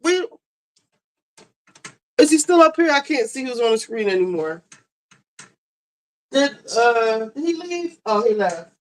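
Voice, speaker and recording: A woman with a somewhat high voice hosts a laid-back chat while cooking. She talks freely and keeps asking her co-host questions. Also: big pitch swings, unhurried, pauses often, low-quality recording. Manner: chatty, asks lots of questions. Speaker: show host.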